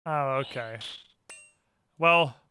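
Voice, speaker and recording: Bright-voiced man streaming a game. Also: medium pitch, drawn-out words, smooth. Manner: sardonic, muttering to himself between rants. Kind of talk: casual live-stream chat while gaming.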